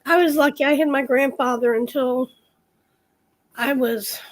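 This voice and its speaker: A woman's voice: high voice, steady tone, a little slow. A woman co-hosting a live stream, chiming in with brief replies and short asides. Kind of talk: casual live stream chat.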